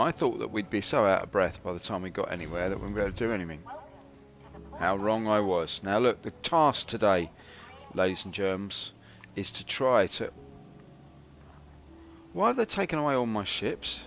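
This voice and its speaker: This wry game streamer speaks at normal speed in a lowish, expressive voice that's creaky and a bit bright. His casual live commentary stays chatty and self-mocking over slightly dull audio carrying faint game music.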